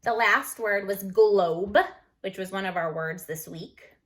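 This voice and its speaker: A woman teacher going over a phonics lesson on a video call, slowly sounding out letters and words. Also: mid-range voice, fairly bright tone. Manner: slow, deliberate, sounds out each letter. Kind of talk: recorded phonics lesson review.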